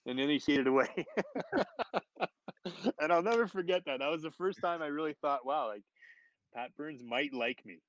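Lively storytelling man on a call. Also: on the high side, moderate pace, pauses often, dry recording, muffled recording. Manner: animated, laughs often, quotes others in raised voices. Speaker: guest, former hockey player. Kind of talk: casual storytelling.

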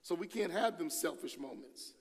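Lively high-voiced man preaching in a hall. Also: moderate pace, husky. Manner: lively, acts out quoted voices with big swings in pitch and volume. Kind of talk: sermon. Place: church sanctuary. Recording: long hall reverb.

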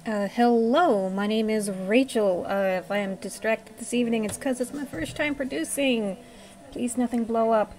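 Woman player, casual hesitant intro with fillers, a touch high. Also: normal speed, a little mellow, rough recording. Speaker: player and producer.

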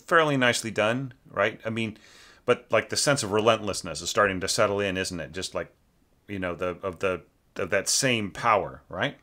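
An orchestration teacher critiques a student's orchestral score in a rambling way, full of fillers, often asking "right?" and singing the motifs aloud. His voice sits on the low side at a normal speed, with a bright, forceful tone.

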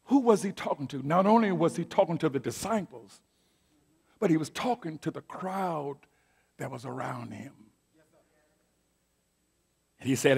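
A middle-aged man preaching a sermon as pastor, moving from quiet asides to loud declaimed scripture and calling out to his congregation. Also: high-pitched, lively intonation, normal speed, vocal fry, pauses often, husky. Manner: call-and-response preaching, swings from soft asides to loud declaiming. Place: church sanctuary.

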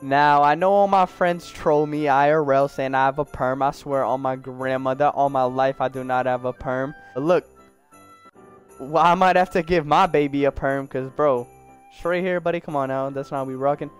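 A man's voice: mid-range voice, steady tone, moderate pace, smooth, faint music behind. A young man giving casual, slangy gameplay commentary, joking and talking to the characters in his game. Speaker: gaming YouTuber.

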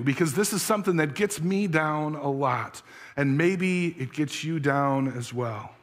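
A pastor preaching a sermon, earnest, asking the congregation searching questions. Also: male voice, on the high side, a bit bright. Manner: tells a story with acted voices.

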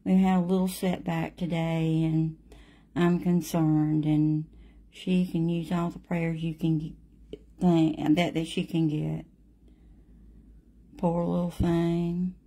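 A middle-aged woman with a drawl guides viewers through a watercolor painting, speaking slowly and addressing them by name. Her low, gravelly, mellow voice has little pitch movement, and she's chatty and friendly throughout.

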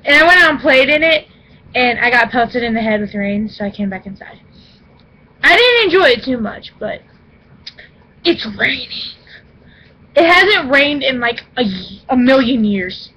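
A young woman vlogging at home in an excited, playfully dramatic way, often squealing. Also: a little high, measured pace, pauses often, husky, rough recording. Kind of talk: excited casual vlog. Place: indoors at home.

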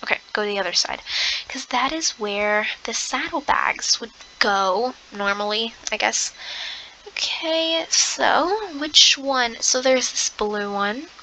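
A young woman commenting on her game play, excitable, gasping often and slipping into soft half-whispered asides. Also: fairly high pitch, slow pace, slight background noise, rough recording. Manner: excitable, gasping, lots of exclamations. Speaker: gamer.

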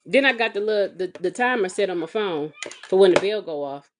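A woman vlogging as a mother, telling a comedic, exasperated story with sassy, animated delivery and big swings in pitch. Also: a little fast. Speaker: mother of a kindergartner. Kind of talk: comedic storytelling vlog rant. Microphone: phone or webcam vlog.

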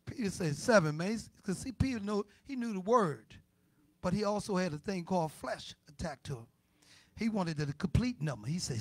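A man preaching a sermon as church elder, swinging from hushed to loud and acting out his listeners' objections in rhetorical asides. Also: fairly high pitch, lively intonation, brisk, slightly rough, dry recording.

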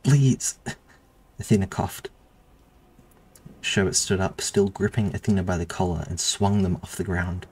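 A man reading his own story aloud in a steady, measured narration. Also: sits low, slightly rough. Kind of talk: audiobook narration.

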